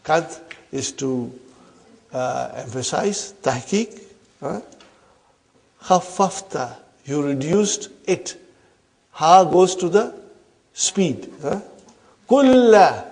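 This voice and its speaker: A middle-aged male teacher leads a slow, patient grammar class, his somewhat high voice carrying a gravelly edge. He checks in constantly with a quick "huh?" and calls his students brothers and sisters. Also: expressive, a little mellow. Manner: frequent questioning "huh?" tag, repeats "brothers and sisters". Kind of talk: classroom lesson.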